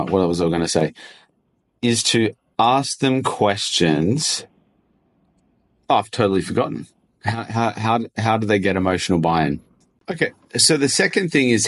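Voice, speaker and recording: A man talking loosely to camera about how to sell, acting out bits of sample dialogue as he goes. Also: fairly low pitch. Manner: loose and conversational, restarts and acts out sample dialogue. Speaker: agency owner coaching on sales. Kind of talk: casual solo talk to camera.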